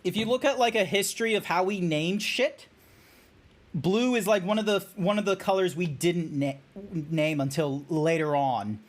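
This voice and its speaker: Excitable Australian man rambling on stream. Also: high voice, moderate pace. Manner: rambling, excitable, laughs at his own trivia. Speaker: VTuber streamer. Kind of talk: casual game stream chat.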